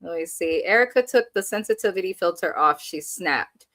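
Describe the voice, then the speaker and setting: A woman's voice: on the low side, expressive, moderate pace, a bit bright, dry recording. A woman co-hosting a casual reality TV recap, blunt and sassy, reading viewer comments aloud. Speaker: show co-host.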